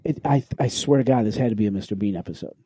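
Dark-voiced man telling a wild story. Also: lowish voice, very fast, husky, no echo. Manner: animated, swearing, acts out quoted lines. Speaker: podcast co-host. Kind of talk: casual storytelling chat. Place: podcast recording room.

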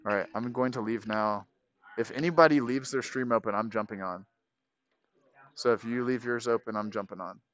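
A man chatting on a livestream, excited and repeating himself. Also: fairly low pitch, moderate pace. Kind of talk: casual livestream chat. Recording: muffled lo-fi stream audio.

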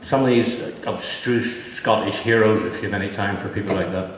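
A man's voice: on the low side, fairly even intonation, a little fast. An older man speaks to a live audience as an author at a book launch, full of dry, self-mocking asides. He is heard in a large echoey hall that lets his voice ring on with long reverb. A faint hum of room ambience sits underneath. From Northern Ireland. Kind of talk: anecdotal talk to an audience.

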